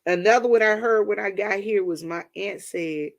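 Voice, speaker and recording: Hosting a livestream, a woman from Washington, D.C. chats casually with her viewers, tells stories, and addresses them as y'all. Her voice sits in the mid-range and moves at a moderate pace.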